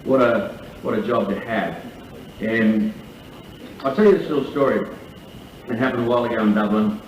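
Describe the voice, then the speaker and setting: A man's voice: mid-range voice, normal speed, a little mellow, a little hiss or hum. A man working as MC at a lunch, telling jokes and spinning a long tall tale with plenty of swearing. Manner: profane, storytelling. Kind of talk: stand-up emcee telling jokes. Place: large function room at a lunch. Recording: echoey live room from far off, dull.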